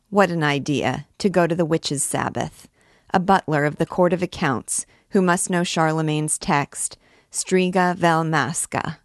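A woman's voice: low voice, no echo, studio quality. A woman voicing a fawning, rambling male royal prosecutor who chatters on eagerly. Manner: obsequious, rambling.

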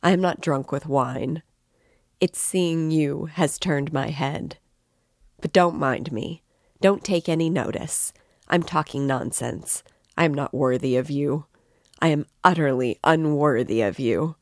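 A woman reading the part of an excitable, tipsy young man who rambles and declaims with passion. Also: low voice, measured pace, dry recording, clean studio sound. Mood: rambling. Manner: impassioned, rambling, emphatic.

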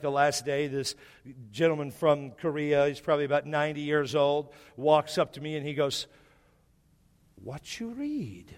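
Pastor guy preaching, kinda high voice, repeats himself a lot, big echoey church. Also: smooth. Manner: repeats key phrases, asks the congregation questions. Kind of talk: sermon. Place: church hall. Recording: echoey hall.

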